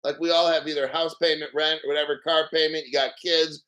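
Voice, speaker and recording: A man's voice: on the high side, level tone, fairly quick, sharp tone. A man hosting a live stream, ranting in disbelief with frequent laughter and swearing. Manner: incredulous, laughs often, swears. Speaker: livestream host. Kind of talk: live commentary rant.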